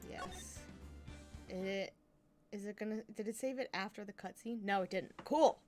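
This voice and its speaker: A woman's voice: medium pitch, steady tone, normal speed. A woman streamer chatting and giggling through asides while she plays a game. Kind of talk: casual game commentary. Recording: game music behind.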